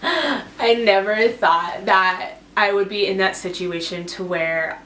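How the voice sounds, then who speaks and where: A woman's voice: mid-range voice, slow, fairly bright tone. A woman in her twenties telling a personal story to her camera, rambling and full of "like" and "um". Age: 20s. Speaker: vlogger. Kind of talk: casual story time. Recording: echoey room.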